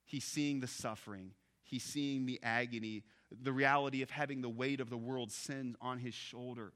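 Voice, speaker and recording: A man preaching a sermon, expressive, dropping soft on key phrases and rising when animated. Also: medium pitch, normal speed. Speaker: pastor.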